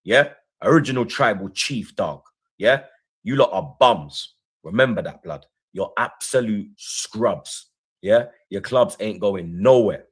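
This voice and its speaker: A man's voice: on the low side, animated, a little slow, husky. A man, co-hosting a reaction show, boasting defiantly about his football club. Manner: boastful, defiant trash talk. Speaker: reaction channel co-host. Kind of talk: casual football banter.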